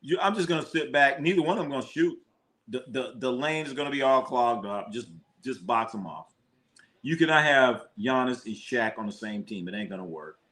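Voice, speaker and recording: A man in the middle range of pitch hosts a live sports watch party. His talk is loose, animated and full of swearing and laughter as he reacts to plays and argues with his chat. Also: normal speed. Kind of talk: casual live sports commentary.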